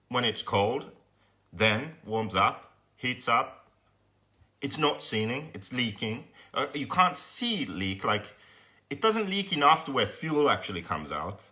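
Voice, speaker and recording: Young man, bright forceful voice, lively pitch, swears a lot, casual live-stream workshop talk. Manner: animated storytelling, swears freely, acts out his own frustration loudly. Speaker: host of a live workshop show.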